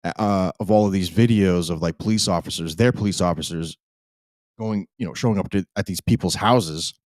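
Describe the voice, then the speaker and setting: A man's voice: sits low, normal speed, darkish tone, no room sound. A man hosting a live podcast, rambling and emphatic, with frequent restarts. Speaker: podcast host.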